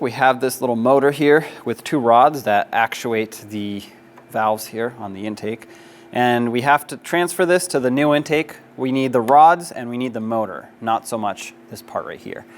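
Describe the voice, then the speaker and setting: A man's voice: medium pitch, slight background noise. A man narrating a hands-on auto repair tutorial, practical and step-by-step, with casual fillers. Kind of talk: instructional how-to narration.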